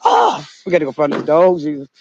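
A woman with a gravelly, fry-heavy voice talks to her viewers outdoors in the cold. Her delivery is dramatic and slangy, and she often shouts out calls. The sound is a dull, muffled, lo-fi phone recording. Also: sits low, wildly swooping pitch, fairly quick, no echo. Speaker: vlogger. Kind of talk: casual outdoor vlog.

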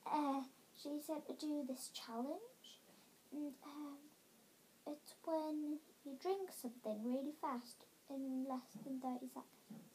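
Soft-spoken hesitant woman vlogger. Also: high-pitched, slow pace, slight background noise. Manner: hesitant and rambling, often dropping to a whisper. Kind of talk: casual chat to camera.

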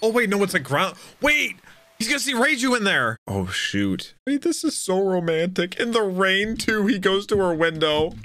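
A young adult hosting an anime reaction video, talking loudly, exclaiming and swearing often. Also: medium pitch, big pitch swings, normal speed, no echo. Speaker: anime reaction channel host. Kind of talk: excited reaction commentary.

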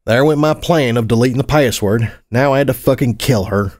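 A man reading a first-person story aloud as a narrator, gritty and expressive, with casual swearing. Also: medium pitch, a little fast. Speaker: audiobook narrator.

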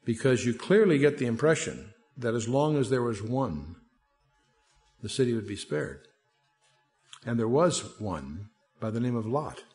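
A man's voice: mid-range voice, lively intonation, a little slow, a little mellow. A man giving a Bible study lecture, talking in a conversational, digressive way with asides and reading scripture aloud. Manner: reads scripture aloud in a lifted voice. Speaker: Bible teacher.

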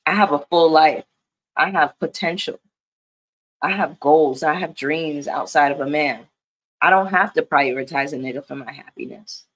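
A woman speaks in a low, grounded voice. Her talk is casual and candid, emphatic and loose with profanity, like a vlogger chatting straight to her viewers. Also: normal speed, fairly bright tone. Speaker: commentary vlogger. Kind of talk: casual chat.

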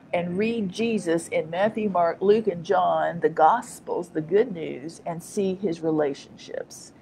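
A woman's voice: fairly low pitch, darkish tone, slight background noise, low-quality recording. Emphatic middle-aged woman preaching. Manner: rambling, emphatic, repeats phrases for stress. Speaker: minister and teacher. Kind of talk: informal online preaching monologue.

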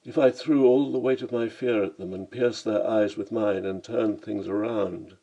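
A man's voice: on the low side, steady tone, moderate pace, mellow, dull audio. A man narrating his own travel memoir in a vivid, dramatic storytelling manner.

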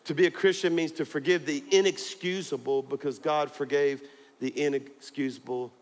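A man with a bright, high-pitched voice preaching to a church. He tells the story with humor and keeps pushing up to emphatic peaks. A long reverb trails his words around the hall. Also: steady tone, moderate pace. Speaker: pastor. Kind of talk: sermon. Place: church auditorium.

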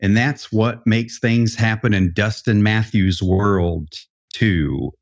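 A man hosts a podcast interview in a fairly low, unhurried voice, chatty and joking as he tells loose stories with restarts. The casual chat has a dull, lo-fi podcast sound.

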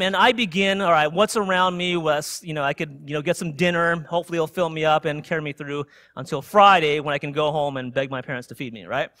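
Young male preacher, high and bright voice, dry close sound, lively sermon storytelling. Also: dry recording. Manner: animated storytelling with frequent "right?" tag questions. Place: church sanctuary.

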